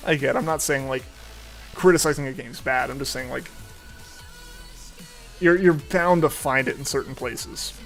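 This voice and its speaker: A man's voice: mid-range voice, normal speed, gravelly, long pauses, soft background music. A young man streaming a game, chatting casually and rambling with many fillers and restarts. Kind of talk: casual chat while gaming.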